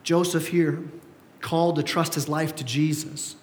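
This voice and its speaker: A male pastor with a fairly high voice delivers a lively sermon. He acts out the people he quotes with mounting emphasis. His voice rings with the long reverb of a church sanctuary. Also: unhurried.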